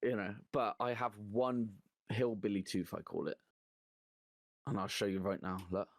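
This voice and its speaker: A man co-hosting a casual chat, telling animated stories, often laughing and swearing freely. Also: on the low side, normal speed, creaky, dry recording, studio quality. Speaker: co-host.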